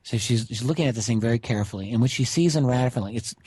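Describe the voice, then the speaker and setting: A man's voice: mid-range voice, rapid-fire, husky, no echo. Middle-aged guy telling a weird story on a radio show, easygoing, lots of uh's, dry close sound. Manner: relaxed, recounting a witness's story with fillers. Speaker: guest researcher.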